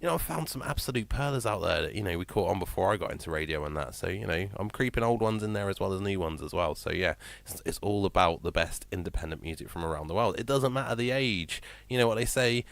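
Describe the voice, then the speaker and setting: A man's voice: sits low, expressive, fast, creaky, hardly any pauses, a bit bright, dry recording. A male radio DJ with an English accent, talking in a chatty, rambling, informal way between songs. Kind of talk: unscripted radio chat. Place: radio studio. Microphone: studio microphone.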